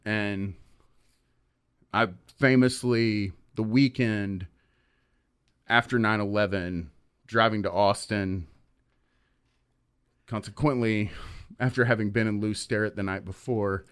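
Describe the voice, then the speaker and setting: A man's voice: on the low side, fairly even intonation, slow pace, long pauses, a bit bright, clear, resonant tone. Rambling man telling a story. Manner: rambling storytelling with many fillers. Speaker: podcast host. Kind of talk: casual chat.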